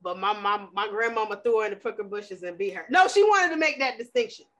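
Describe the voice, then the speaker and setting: A young woman co-hosting a casual chat, telling stories in a loud, passionate way. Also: medium pitch, expressive, fast talker. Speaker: podcast co-host.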